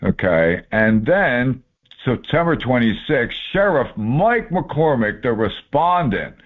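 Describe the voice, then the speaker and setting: A man's voice: mid-range voice, very animated, slow. A man walking through court documents in a folksy, informal way, marking items off one by one with sarcastic asides. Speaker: presenter explaining court papers. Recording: tinny phone-like audio.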